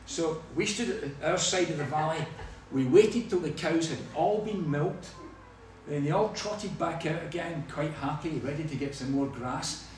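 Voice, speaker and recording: In this clip a man from Scotland, a pastor, delivers a sermon at a moderate pace, his pitch fairly high. He spins funny stories with lively energy, heard distantly in a hall full of echo.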